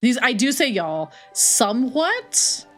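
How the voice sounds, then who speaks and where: Lively, animated woman game streamer. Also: medium pitch, measured pace, soft background music. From Texas. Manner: animated, swears freely, exclaims at the game. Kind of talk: casual gaming livestream chat.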